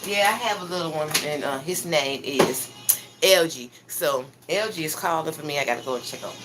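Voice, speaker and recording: Loud music plays behind a woman with a low-pitched, brisk voice as she livestreams herself cooking breakfast at home. She keeps up a chatty, casual conversation aimed directly at her viewers.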